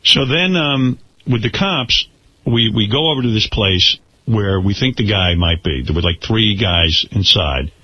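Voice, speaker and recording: A man hosting a radio talk show, telling a story with animated delivery, acting out what people said and restarting his words as he goes. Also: lowish voice, measured pace, breathy edge, dry recording. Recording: slightly dull radio broadcast sound.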